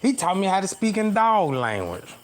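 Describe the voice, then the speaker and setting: A man's voice: sits high, huge pitch swings, normal speed, slight background noise. A man livestreaming from outdoors at night on a phone camera, telling a rambling comic story to his viewers in heavy slang and often asking if they know what he is talking about.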